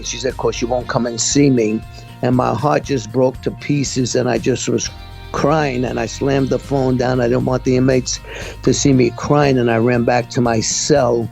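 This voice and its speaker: A middle-aged man from Brooklyn, telling his life story as a guest in a halting way with many fillers. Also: medium pitch, vocal fry, darkish tone. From Brooklyn, New York. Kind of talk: personal testimony in an interview.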